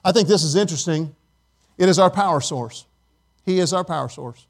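Male pastor, middle-aged, fairly high voice, animated sermon, loud emphasis, soft hushed asides. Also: a little fast.

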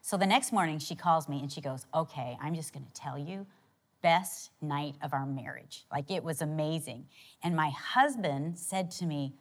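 A woman's voice: deep voice, expressive, moderate pace. A middle-aged woman co-hosting a marriage talk, telling a story about leading a Bible study. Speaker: co-host, Bible study leader.

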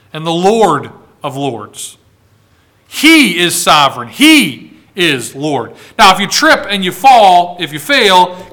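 Reading scripture in his sermon, this pastor from the United States, whose voice sits high, alternates between dramatic, raised passages and quiet, slow ones.

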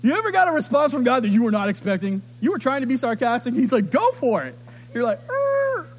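A middle-aged man preaching a sermon, telling stories with animated delivery and acting out the voices of others. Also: very high voice, rapid-fire. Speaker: pastor.

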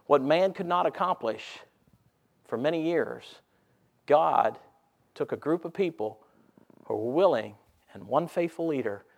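Man preaching, fairly high voice; quizzes the congregation, reads scripture with mounting fervor. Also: lively intonation, measured pace, vocal fry, long pauses. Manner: asks the congregation repeated questions, swings from hushed to loud; reads King James scripture aloud with rising intensity. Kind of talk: sermon.

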